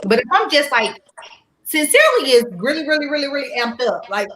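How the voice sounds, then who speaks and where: Bubbly woman hosting a live chat stream, bright voice, a little background hiss. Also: high-pitched, a little fast, echoey room, rough recording. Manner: animated and silly, gets loud when excited.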